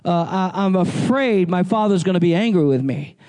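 Stammering, worried little boy, high and mellow, as a man puts him on. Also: animated, moderate pace. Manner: hesitant, stammering. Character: young boy, timid and worried.

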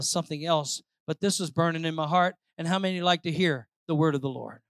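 A man preaching a sermon, reading scripture slowly and dramatically and breaking off for casual asides to the congregation. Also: high voice, clean tone, no room sound, clean studio sound. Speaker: pastor.

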